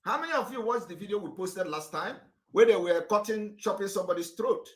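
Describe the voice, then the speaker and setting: A man with a Nigerian accent giving an impassioned political address, fiery and repetitive, sometimes rising to a shout. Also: high voice, animated, brisk. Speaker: political activist.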